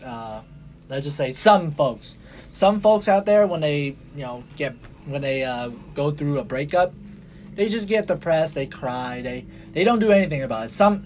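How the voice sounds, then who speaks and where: A young man hosting a podcast in casual chat, talking in a halting, rambling way with many restarts and fillers. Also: fairly high pitch, a little hiss or hum. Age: young adult. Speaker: podcast host.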